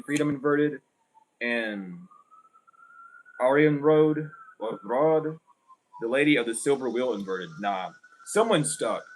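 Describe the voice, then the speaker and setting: A man's voice: medium pitch, fairly bright tone, low-quality recording. Man, tarot reader, casual spiritual reading, blunt, profane, repetitive, faint background noise. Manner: blunt, profane, emphatic, repeats himself.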